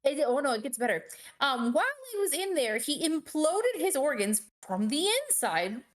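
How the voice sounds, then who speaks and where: A woman casually recounting a tabletop game session with animated, expressive delivery, swearing freely and laughing often. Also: high-pitched, normal speed. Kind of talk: casual storytelling on a stream.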